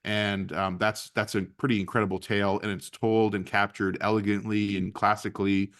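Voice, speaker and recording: A man's voice: lowish voice, level tone, normal speed, a bit bright. Rambling enthusiastic male film podcaster. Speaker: podcast co-host. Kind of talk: casual movie discussion.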